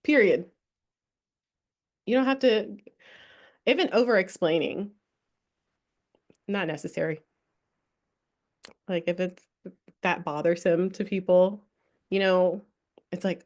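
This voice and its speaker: Laughing, animated woman leading a workshop. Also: lowish voice, takes it slowly, long pauses. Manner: animated, laughing often, swears casually. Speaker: spiritual workshop host. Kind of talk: casual live workshop talk with guided breathing.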